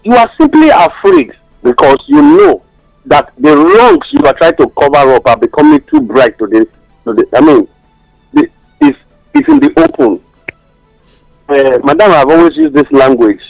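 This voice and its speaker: A man's voice: a little high, wildly swooping pitch, moderate pace, vocal fry, a little mellow, no room sound, soft background music, low-quality recording. A man with a Nigerian accent giving passionate radio talk-show commentary, mixing English with Pidgin and telling stories. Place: radio studio.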